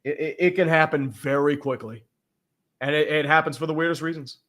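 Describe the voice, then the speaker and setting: A man's voice: on the high side, steady tone, a little fast, a bit bright. A man hosting a casual sports livestream, talking in a blunt, rambling, profanity-heavy way. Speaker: podcast host.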